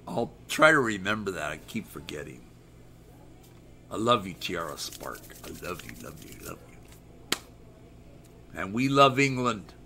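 A man's voice: fairly low pitch, sharp tone, slight background noise. A middle-aged American man hosting a live stream, rambling and joking as he reads viewer chat aloud in casual talk. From United States.

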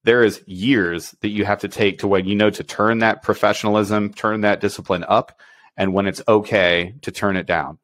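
A man's voice: fairly low pitch, steady tone, normal speed, fairly bright tone. A man co-hosting a podcast as a special warfare operations superintendent, talking bluntly and acting out quoted exchanges. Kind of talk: casual podcast chat.

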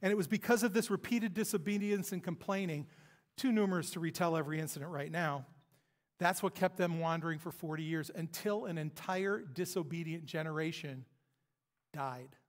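A man preaching a sermon in a church, retelling scripture as a story with emphatic pauses. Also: fairly high pitch. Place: church sanctuary. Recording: long hall reverb.

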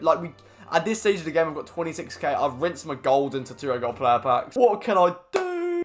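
A young man chatting through a video game pack opening, excitable and slangy, with bursts of shouting at big pulls. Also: on the high side. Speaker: gaming YouTuber. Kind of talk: casual pack-opening commentary.

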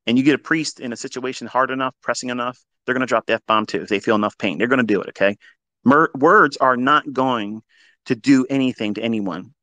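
A man teaching trading in a live audio talk, blunt and heavily profane, swinging between loud emphatic bursts and quieter asides. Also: mid-range voice, brisk, dry recording. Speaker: trading educator.

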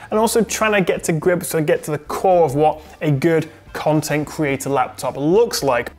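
A British man hosting a tech review, briskly explaining laptop specs in scripted narration. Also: a little high. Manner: brisk, spec-heavy explaining.

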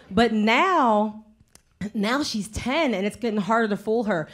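A woman in her thirties performs stand-up on a live stage, her voice sitting a little high. She talks mouthy and animated, breaking off her stories to throw asides at the crowd. She also hosts the show. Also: measured pace. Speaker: stand-up comedian and show host. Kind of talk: stand-up comedy set. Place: live stage before an audience.

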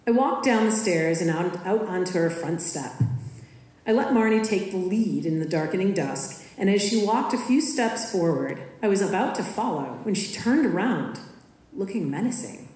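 A woman reading her own personal story aloud in a measured, expressive way, in a school auditorium. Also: mid-range voice. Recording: echoey hall.

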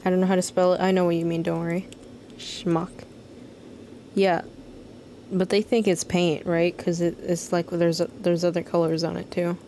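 A woman's voice: lowish voice, flat delivery, moderate pace, mellow, a little hiss or hum. An American woman rambling and swearing casually as she streams a game and answers her chat. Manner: rambling, chatty, swears freely, reads chat aloud. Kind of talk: casual live-stream commentary.

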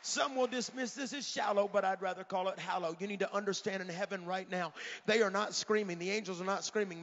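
A middle-aged man, an evangelist, preaching a fiery revival sermon in a large church, often shouting and counting down. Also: high voice, fairly even intonation, quick pace. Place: large church sanctuary at a conference. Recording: echoey church hall, dull lo-fi sound.

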